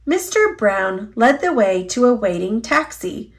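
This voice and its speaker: A woman reading a children's picture book aloud in a slow, expressive storytelling voice. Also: fairly high pitch. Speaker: storybook reader. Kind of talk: children's read-aloud narration.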